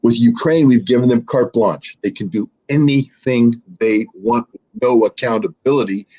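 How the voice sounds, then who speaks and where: A man's voice: medium pitch, moderate pace, mellow, husky, highs cut off. A man speaking as a guest commentator in an interview, blunt and sarcastic, with frequent fillers and restarts.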